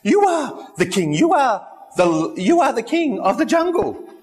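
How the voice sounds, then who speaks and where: A preacher doing a nervous flattering antelope. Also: male voice, very high-pitched, a little slow, long reverb tail, pitched above the performer's own voice, full character voice. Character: timid male antelope, flattering the lion.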